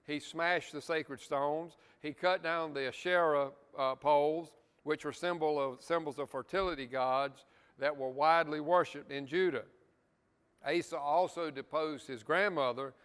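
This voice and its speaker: A man's voice: a little high, fairly bright tone, clean tone, big-room sound. A man teaching a Bible study lesson in a church, earnest, stressing key words and adding asides to the class.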